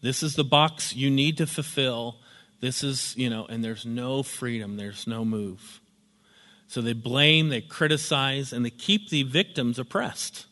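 A man's voice: medium pitch, measured pace, bright, forceful tone, long reverb tail. Conversational male workshop instructor. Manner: conversational, frequent "you know". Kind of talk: casual classroom lecture. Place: sunlit meeting room.

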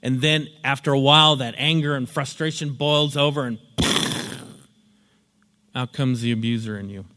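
A teacher gives a lecture in a storytelling, explanatory style, acting out examples as he goes. His voice is medium-pitched and steady, with a measured pace. The recording is very noisy and carries a long hall reverb.

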